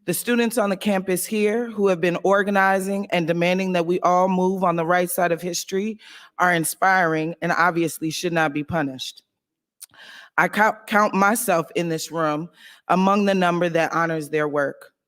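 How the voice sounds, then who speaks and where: A man speaking on a symposium panel, delivering a prepared tribute speech in a rhythmic, list-building style with playful asides. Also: sits high. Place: university event hall.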